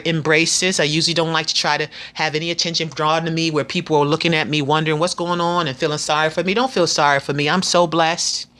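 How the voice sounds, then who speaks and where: A woman in her fifties talking straight to her viewers in a casual vlog. Her voice is bright and forceful. She is frank, earnest and full of faith, and she often stops and restarts her sentences. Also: deep voice. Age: 50s. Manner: chatty with frequent restarts. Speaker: vlogger.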